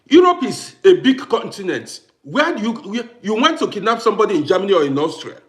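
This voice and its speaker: Emphatic man with a lively, high voice. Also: brisk. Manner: emphatic, repetitive, challenging. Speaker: vlogger. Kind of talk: ranting to camera. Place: living in Austria.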